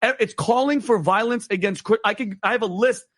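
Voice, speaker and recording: Heated fast-talking high-voiced man. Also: a bit bright. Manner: fast, heated, emphatic with restarts. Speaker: talk show guest. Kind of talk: heated debate talk.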